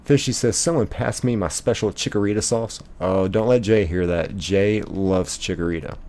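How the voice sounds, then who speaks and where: A man's voice: lowish voice, normal speed, a little mellow. A young man, live-streaming a game and playfully reading viewer chat aloud, laughing often.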